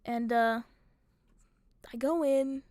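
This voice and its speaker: A young woman on a livestream, spinning a story in a chatty, animated way and swearing freely. Her voice sits a touch high and sounds dry and close, with no room around it. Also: takes it slowly, dry recording. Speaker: streamer.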